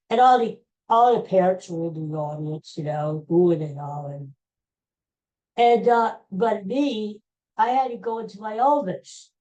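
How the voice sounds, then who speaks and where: A middle-aged woman hosts her own solo podcast, chatting casually and rambling through stories with restarts and asides while offering blunt sports opinions. Her fairly low voice is mellow, but the audio quality is poor.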